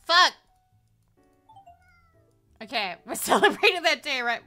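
A woman's voice: high voice, animated, slow pace, pushed and bright. A woman streaming a game, chatting casually, giggling often and swearing freely. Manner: giggly, swears a lot, bursts into shrieking laughter. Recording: faint music behind.

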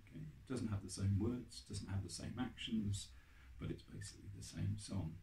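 Male music teacher, lowish voice, upbeat and coaxing, roomy echo with faint hiss. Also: fairly even intonation, moderate pace, creaky, mellow. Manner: upbeat, encouraging, counts in and sings along. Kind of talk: online music lesson for children. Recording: echoey room with faint noise.

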